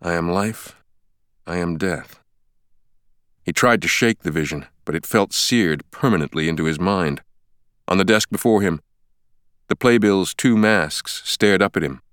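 A deep male voice reads an audiobook with steady, measured pacing. His tone is smooth and resonant, recorded close and completely dry. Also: dry recording. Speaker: audiobook narrator. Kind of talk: scripted audiobook narration. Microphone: close studio mic.

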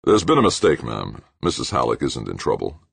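A man voicing a violent, menacing man who snarls slow threats. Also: very deep voice, sing-song, creaky, slightly rough, no echo, full character voice. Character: brutal, menacing man in a spacesuit, violent temper.

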